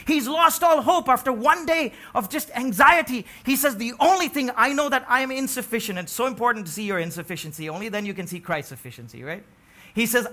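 High, bright-voiced preacher man. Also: expressive, brisk. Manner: emphatic, rising to near-shouts on key phrases, asks the congregation questions. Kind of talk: sermon.

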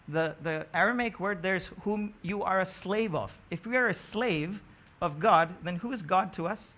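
Man, sermon, high pitch, emphatic, call-and-response questions. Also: moderate pace. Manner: emphatic, rising to near-shouts on key phrases, asks the congregation questions. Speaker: preacher.

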